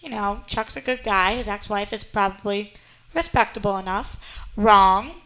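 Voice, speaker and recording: A woman's voice: medium pitch, normal speed, a bit bright, rough recording. A young woman co-hosting a casual TV recap chat, chatty and fond of rhetorical questions. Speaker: podcast co-host.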